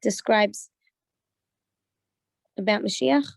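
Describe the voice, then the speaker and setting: A woman with an Israeli accent, a participant in an online class, reading Hebrew quickly and then explaining it hesitantly in English. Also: mid-range voice, vocal fry, no room sound.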